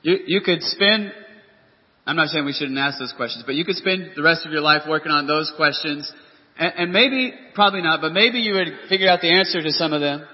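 A man's voice: on the high side, fairly quick. A man preaching a sermon as pastor, earnest and full of rhetorical questions. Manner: earnest, rhetorical questions, reads scripture aloud. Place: church hall. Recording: dull lo-fi audio with long church reverb.

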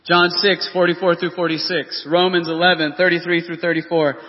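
The preacher's voice is a little high, moving little in pitch and keeping a normal speed. Earnest and fond of rhetorical questions, he reads scripture aloud in a church hall, recorded as dull lo-fi audio drenched in long reverb.

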